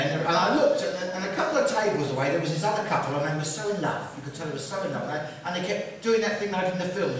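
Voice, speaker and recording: A man performing a chatty stand-up comedy routine on a music hall stage, telling his story with repeated phrases. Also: fairly high pitch. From London. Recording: echoey hall from far off with audience.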